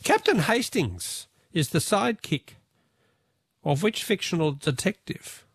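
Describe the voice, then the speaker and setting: A man with an Australian accent hosting a radio quiz, jovial and quick-talking, chuckling between callers. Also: high voice, very animated, slightly rough, dry recording, studio quality.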